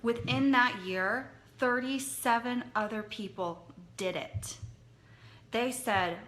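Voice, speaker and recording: Woman, direct sales leader, motivational talk, earnest, conversational, crisp bright tone. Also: on the high side, takes it slowly. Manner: earnest, conversational, repeats for emphasis.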